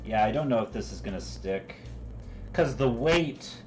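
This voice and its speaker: Rambling, joking man, lively voice. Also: mid-range voice, a little slow, a little hiss or hum, low-quality recording. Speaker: streamer. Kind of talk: casual live-stream chat while crafting. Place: home kitchen.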